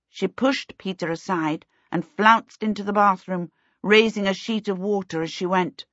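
A woman reading a children's storybook aloud in a measured, expressive way. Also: mid-range voice, no echo, lo-fi sound. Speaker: audiobook narrator. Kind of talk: scripted storybook narration.

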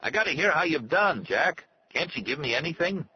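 A man voicing an agitated, impatient man who yells at his friends. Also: on the low side, very animated, a little fast, breathy edge, dull audio, voice pushed up. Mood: irritable.

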